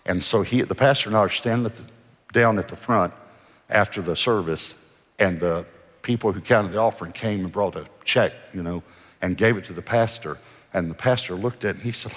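Middle-aged male pastor, lively sermon storyteller, husky low voice, echo from a big church hall. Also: a little fast. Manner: animated storyteller acting out dialogue. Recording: long hall reverb from a church.

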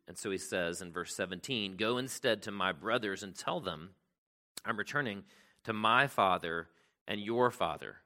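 A man's voice: lowish voice, normal speed, sharp tone. A man preaching a sermon in a conversational way, often asking "right?" and reading scripture aloud with extra emphasis. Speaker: pastor.

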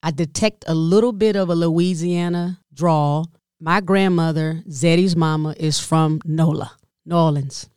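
Podcast host, woman, middle-aged, unhurried storyteller, smooth voice, dry close sound. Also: dry recording. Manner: animated, addresses listeners as y'all, voice drops low and soft when moved.

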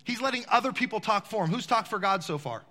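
In a large church with long hall reverb, a pastor delivers a sermon, asking his congregation rhetorical questions. His voice sits high, pushed and bright, and he speaks fast and animatedly.

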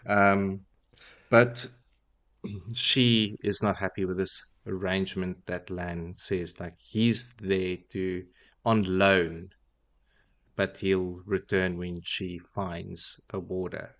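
A man hosting a podcast, casually retelling a book chapter in a relaxed, wry way with many fillers. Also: low voice, slow pace. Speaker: podcast host.

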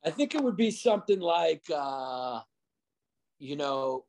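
A man's voice: a little high, very animated, slow, a little mellow. A man who is a comedian guest, talking in a rambling, casual way with lots of fillers and restarts. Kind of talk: casual podcast chat.

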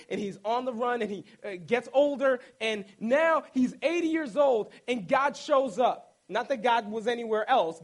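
A male pastor preaching a sermon, retelling a story in an animated, humorous way with playful asides. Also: sits high, low-quality recording.

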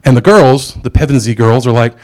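A man's voice: mid-range voice, fairly quick, darkish tone. A middle-aged man preaching a sermon in a casual, conversational way, with asides and jokes.

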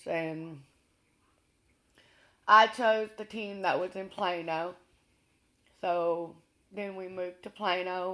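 A woman recounting a personal experience in an interview, earnest and unhurried, with pauses and restarts. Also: on the low side, a bit bright.

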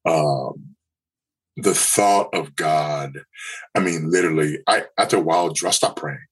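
A man telling a personal story in an interview, earnest and halting, often restarting his sentences. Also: extremely low pitch, breathy edge, poor audio. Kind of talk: candid personal testimony.

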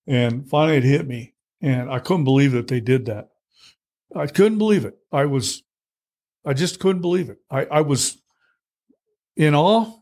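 A man's voice: medium pitch, normal speed, long pauses, darkish tone. A middle-aged man telling his own story in conversation, blunt and plainspoken, full of fillers and restarts. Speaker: guest.

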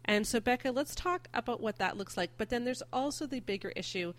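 A woman's voice: on the high side, lively intonation, a little fast. A woman hosting a casual discussion podcast, earnestly reading listener comments aloud and responding to them. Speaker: host.

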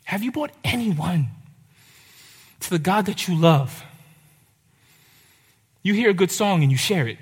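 A young man preaching a sermon, urgent and impassioned, with dramatic pauses. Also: sits high, expressive, slightly rough. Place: church hall. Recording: reverberant hall.

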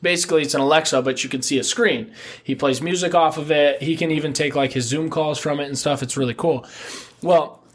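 A man's voice: fairly high pitch, steady tone, brisk. A man co-hosting a podcast, telling a crude story in a rambling way with lots of laughs. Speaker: podcast co-host. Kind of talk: casual storytelling chat.

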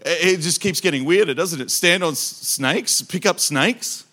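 Aussie preacher guy, jokey and animated, tells funny stories to the crowd, kinda high bright voice. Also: moderate pace. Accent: Australian. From Australia. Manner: animated, joking, talks straight to the crowd. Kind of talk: sermon with comic storytelling.

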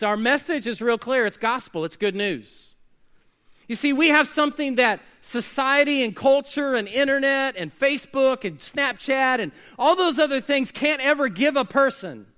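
A man preaching a sermon as pastor, swinging between loud emphatic bursts and quiet hushed lines. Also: high-pitched. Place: church sanctuary.

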